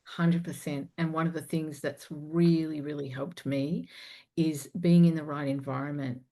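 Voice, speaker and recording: Low-voiced woman telling a frank story. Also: measured pace. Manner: animated, swings loud and soft while retelling a story; frank, swears casually. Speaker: guest, confidence coach and performer. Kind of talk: candid storytelling in a podcast interview.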